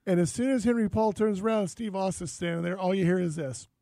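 A man from Texas hosting an outdoors radio show, telling stories in a casual, animated way and laughing often. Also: sits high, brisk, creaky, dry recording.

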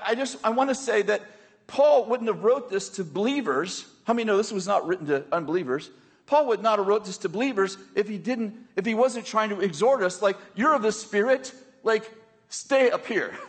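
A man's voice: high-pitched, breathy edge. An American man preaching a sermon in a conversational, joking way, often checking in with his listeners.

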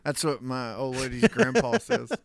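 A man's voice: medium pitch, very animated, moderate pace. A man from the American South co-hosting a podcast, who swears freely in a casual chat. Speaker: podcast co-host.

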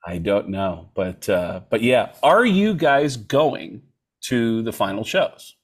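Animated storytelling comedian guy. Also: fairly low pitch, slow pace. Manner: animated, acts out quotes in shifting voices. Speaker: comedian guest. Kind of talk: casual storytelling.

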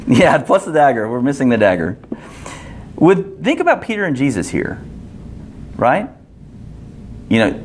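A man's voice: medium pitch, huge pitch swings, a little slow, long pauses, a little hiss or hum. A man leading an interactive Bible study, asking the group questions and restarting his sentences often.

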